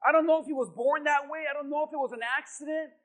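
A man from Hialeah, Florida, preaching in church and telling an animated story. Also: extremely high pitch, very fast, poor audio. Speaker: pastor. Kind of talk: sermon storytelling.

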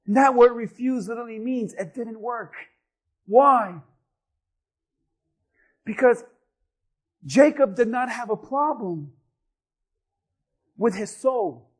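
A man's voice: very high voice, takes it slowly, long pauses, slightly rough, poor audio. A male pastor delivering an emphatic sermon, driving points home through repetition.

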